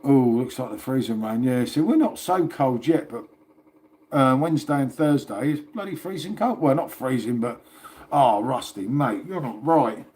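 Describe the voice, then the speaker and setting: A man's voice: medium pitch, animated, moderate pace, darkish tone. A man hosting a casual livestream, chatting and rambling to viewers and swearing now and then. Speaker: livestream host.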